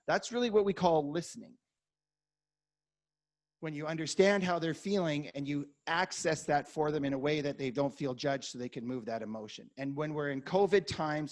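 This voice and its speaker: A man coaching a workshop, energetic and acting out client conversations as examples. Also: on the high side. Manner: energetic, acts out dialogue examples.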